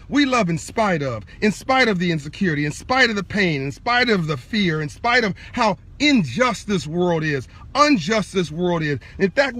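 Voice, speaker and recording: A man speaking straight to viewers in an impassioned live-video monologue, fervent and preachy, hammering his points with repetition while insisting he is calm and measured. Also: high voice. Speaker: speaker addressing online viewers.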